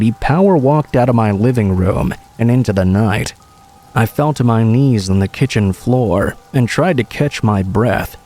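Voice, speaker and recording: A man reading true horror stories aloud as scripted narration, in a steady, measured way. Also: fairly low pitch.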